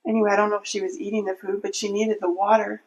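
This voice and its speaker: A woman's voice: medium pitch, level tone, racing, darkish tone, poor audio. A woman telling a personal faith story in an interview, earnest and heartfelt, often restarting her sentences. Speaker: interview guest.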